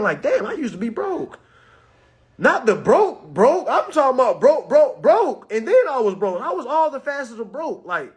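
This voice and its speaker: A man talking casually to his live-stream viewers, animated and preachy, full of slang, swinging between loud and soft. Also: high voice, husky. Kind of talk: casual motivational talk to viewers.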